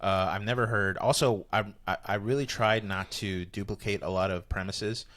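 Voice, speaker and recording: A comedian chats on a podcast, rambling from one story to the next with restarts. His voice sits fairly low yet sounds bright and forceful. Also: fairly even intonation, moderate pace. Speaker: comedian guest. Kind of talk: casual podcast chat.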